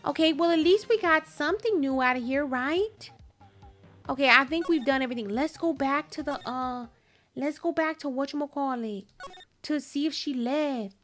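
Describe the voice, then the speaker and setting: High voiced lady streamer talking to chat, chatty, faint game music behind. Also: moderate pace. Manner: chatty, exclaiming, talks to the chat. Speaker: gaming streamer. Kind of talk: casual gameplay commentary.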